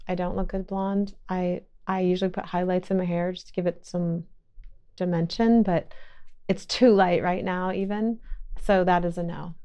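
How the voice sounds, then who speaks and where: A woman's voice: mid-range voice, darkish tone, smooth, lo-fi sound. A middle-aged woman hosting a podcast, chatting casually and telling stories with frequent laughs. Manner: chatty storyteller who laughs often. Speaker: podcast host. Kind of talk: casual chat.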